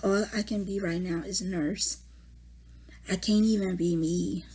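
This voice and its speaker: Husky, exhausted young mother, whispering often. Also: mid-range voice, steady tone, darkish tone. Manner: emotional, halting, often drops to a whisper. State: exhausted and distraught. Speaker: mother giving a family update. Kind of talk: personal video diary. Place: at home.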